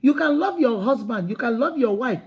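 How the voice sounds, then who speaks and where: Outspoken Nigerian woman host, high voice. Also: lively intonation, moderate pace, breathy edge, dull audio. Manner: outspoken, scolding and humorous. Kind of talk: live-stream advice talk.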